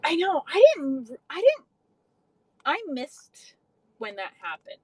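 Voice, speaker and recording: A woman's voice: sits high, big pitch swings, slow, a little mellow, no room sound, low-quality recording. A young adult woman casually chatting on a livestream, swearing freely and answering viewers' comments. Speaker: livestream host.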